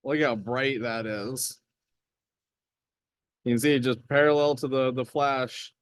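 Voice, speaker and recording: A man's voice: medium pitch, steady tone, measured pace, clear, resonant tone, no room sound, poor audio. A man running a rock saw in an indoor workshop, explaining the equipment step by step in an easygoing way. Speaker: lapidary saw operator. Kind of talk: casual hands-on demonstration.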